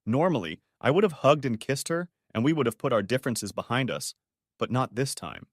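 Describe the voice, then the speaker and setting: A man's voice: medium pitch, lively intonation, fairly quick, dry recording, studio quality. A man narrating a first-person audiobook story in a bitter, restrained way.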